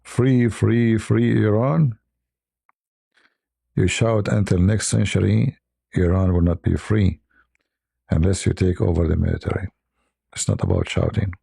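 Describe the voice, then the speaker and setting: A man's voice: low voice, unhurried, vocal fry, pauses often, warm tone, slightly rough, no room sound, clean studio sound. A man hosting a live stream, chatting casually and laughing at his own stories. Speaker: livestream host.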